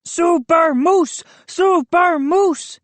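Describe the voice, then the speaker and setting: A big, boisterous schoolboy with a lot of wild energy, bellowing his boasts in a high, stretched-out shout, as a woman reader puts him on. He sounds like a loud storybook bully. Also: drawn-out words, dry recording. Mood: rowdy.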